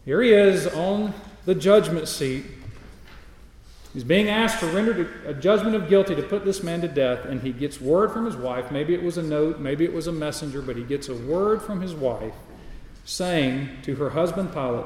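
A man's voice: fairly high pitch, lively intonation, moderate pace, darkish tone, heavy reverb, big-room sound, a little hiss or hum, poor audio. A man preaching a sermon, reading scripture aloud and building his points through repeated emphatic phrases. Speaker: pastor.

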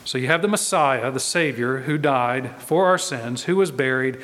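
A man's voice: medium pitch, normal speed, fairly bright tone, long reverb tail. A male pastor preaching a sermon in a church, emphatic and driving his points home by repeating key phrases.

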